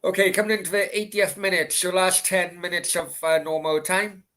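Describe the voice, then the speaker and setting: A man's voice: high voice, steady tone, normal speed, bright, forceful tone. A young man streaming a football watchalong, blunt and swearing at players while chatting with his viewers. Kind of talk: live match commentary and chat with viewers.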